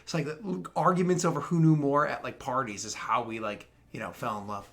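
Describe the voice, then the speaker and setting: A man in his thirties running a tabletop game, talking in a bright, tense, forward voice. He rambles and restarts, piling up fillers as he narrates and jokes casually. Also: mid-range voice, fairly even intonation, brisk, vocal fry. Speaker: game master.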